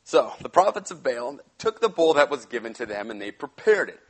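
Animated young man preaching. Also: medium pitch, fairly quick, rough recording. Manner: animated, slangy, acts out the characters. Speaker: pastor. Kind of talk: casual youth sermon retelling a Bible story.

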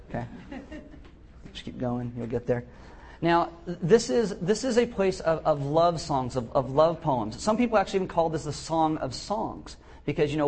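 A middle-aged man preaching a sermon as pastor, animated and acting out the voices he quotes. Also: mid-range voice, slight background noise.

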